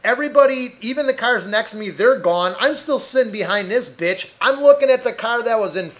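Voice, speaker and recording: A man rants angrily on a desk mic, his voice pitched high. He swears constantly and slips into mocking impressions of other people. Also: lively intonation, a little fast. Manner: angry, profane, loud ranting with mocking voices. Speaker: podcast host. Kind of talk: solo rant podcast. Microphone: desk mic at a computer.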